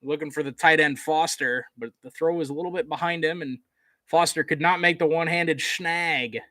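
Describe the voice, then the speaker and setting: A man giving casual live play-by-play commentary on a college football game, chatty, with fillers, getting excited on big plays. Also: fairly high pitch, normal speed, no echo, studio quality.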